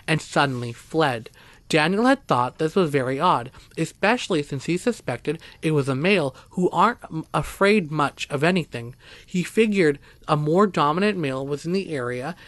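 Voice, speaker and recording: Male narrator, higher than average pitch, steady read, dry close mic. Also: no room sound. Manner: steady, even storytelling, voicing quoted speakers. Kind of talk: first-person story narration.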